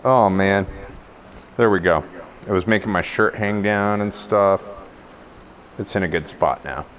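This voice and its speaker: A man chats slowly and casually on a live stream, his voice close and clear from a clip-on mic at home. He rambles and pokes fun at himself between asides to his pets. A faint hiss sits under the recording. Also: low-pitched, fairly bright tone. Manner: rambling and self-mocking, talks to his cats. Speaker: livestreamer. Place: at home indoors. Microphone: clip-on lapel mic.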